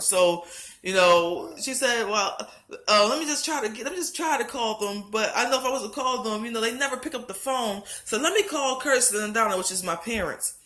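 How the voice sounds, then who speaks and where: A woman's voice: on the high side, expressive, brisk, a bit bright, roomy sound. A woman, emotionally recounting a religious dream, close to tears, pleading and repeating herself. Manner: earnest, repetitive, pleading, many restarts. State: heart racing, close to tears. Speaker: vlogger sharing a religious dream. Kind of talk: emotional testimony to camera.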